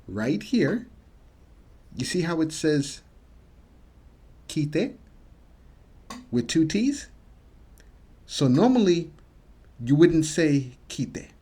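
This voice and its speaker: Slow, husky man teaching vocabulary. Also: a little high, warm tone. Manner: patient, repeats words slowly for practice. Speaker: Japanese teacher. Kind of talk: casual video lesson.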